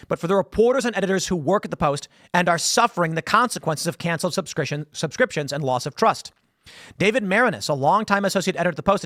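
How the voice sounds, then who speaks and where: A man talks straight to his listeners in a loose, conversational way, slipping into quick impressions of the people in his story. His voice sits a little higher than most men's. The sound is close and dry. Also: fairly bright tone, no echo. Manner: conversational storytelling, acts out quotes. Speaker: political commentary host. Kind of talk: solo political commentary.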